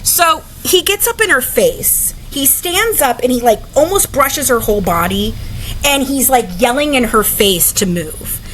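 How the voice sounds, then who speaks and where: A woman, an interview guest, telling a story in casual, animated talk full of "like" fillers. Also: high voice, unhurried, slight background noise, rough recording.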